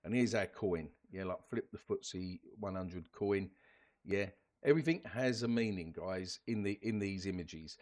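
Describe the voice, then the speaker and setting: A man with a fairly low voice hosts a crypto channel and talks loosely through what he shows on screen. He chats along, tags "yeah?" and "guys" onto his lines and trips back over his own words. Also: moderate pace, a little mellow. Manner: chatty, keeps adding "yeah?" and "guys"; restarts and repeats words often. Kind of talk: casual screen-share commentary.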